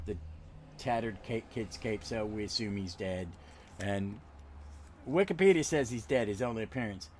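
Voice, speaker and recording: A man hosting a podcast, retelling a comic book plot in a rambling, halting way with many restarts. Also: mid-range voice, slight background noise. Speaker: podcast host. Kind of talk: casual comic book recap.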